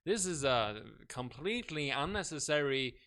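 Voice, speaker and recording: A man's voice: a little high, animated, moderate pace, a bit bright. A man co-hosting a radio show, delivering dry, wry remarks in comedic banter. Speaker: radio co-host.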